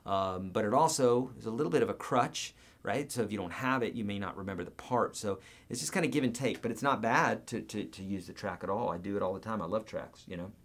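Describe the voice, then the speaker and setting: A man's voice: on the low side, fast, few pauses. A man hosting a live guitar Q&A, chatting casually, reading viewer comments aloud and counting out beats and picking patterns.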